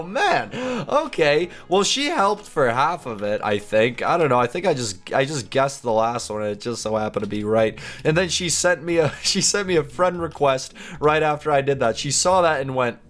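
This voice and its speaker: A man's voice: medium pitch, fairly bright tone. A young man hosting a casual game commentary, playful and chatty, laughing often. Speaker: gaming video host.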